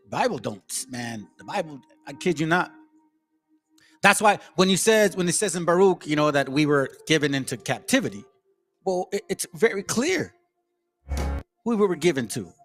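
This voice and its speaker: A man with a fairly high voice talks through a casual video commentary, circling back and restarting as he reacts to clips. Faint music sits under his voice. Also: sing-song, a little slow, pauses often, a bit bright. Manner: loose, rambling, talks over clips.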